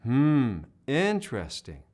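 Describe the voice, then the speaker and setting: A man's voice: medium pitch, wildly swooping pitch, takes it slowly, darkish tone. A man teaching a singing lesson, coaching and demonstrating vocal sounds and sung notes, with encouraging talk.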